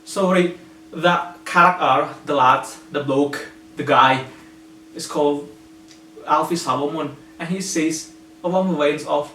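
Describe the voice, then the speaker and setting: A man's voice: on the high side, steady tone, unhurried, sharp tone. An Indonesian-speaking man giving earnest, patient English-learning tips with plenty of examples. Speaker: English teacher. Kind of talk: explanatory lesson. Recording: echoey room, slightly distant mic, faint hum.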